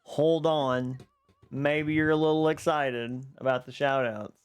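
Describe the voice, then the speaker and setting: Bubbly live streamer chatting with chat on a boom mic, laughs a lot, unhurried delivery. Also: steady tone, clean tone. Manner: bubbly, greets chat by name, laughs often.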